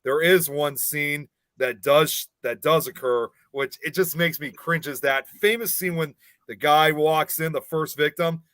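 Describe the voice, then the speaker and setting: A man with a fairly high voice talks through a horror film in loose, animated chatter. His voice sits close and dry, with no room sound around it. He is co-hosting a podcast. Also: measured pace, no room sound. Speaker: podcast co-host. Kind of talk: casual horror film discussion.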